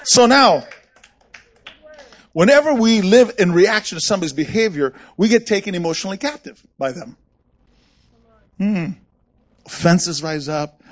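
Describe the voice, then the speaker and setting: A man's voice: fairly high pitch, a little mellow, husky. A man preaching a sermon as a pastor, telling stories and acting out quoted voices with animation. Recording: muffled lo-fi sound.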